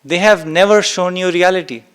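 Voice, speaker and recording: A man's voice: high voice, fairly even intonation, moderate pace, fairly bright tone, smooth. A man giving a spiritual talk to a live and online audience. He speaks with emphasis, repeats key phrases and acts out exclamations. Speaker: spiritual teacher.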